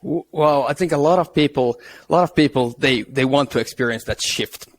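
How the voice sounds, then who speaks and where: A man hosting a podcast asks long questions in a halting way, restarting and filling pauses with "uh." His voice sits at a middle pitch. A faint noise stays under him. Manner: halting, many restarts and fillers. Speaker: podcast host. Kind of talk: interview questions.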